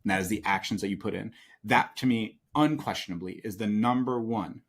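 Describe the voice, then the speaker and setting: A sales coach appears as a guest in a conversational interview, speaking briskly in a lowish, husky voice. He's emphatic and keeps asking "right?".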